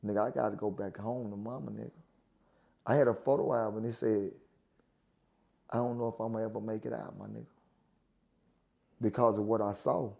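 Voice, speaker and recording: Brief: mellow, gravelly man, earnest casual talk. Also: lowish voice, steady tone, fairly quick, long pauses. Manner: earnest, with repeated slang tags. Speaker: guest, former prisoner. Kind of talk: casual interview chat.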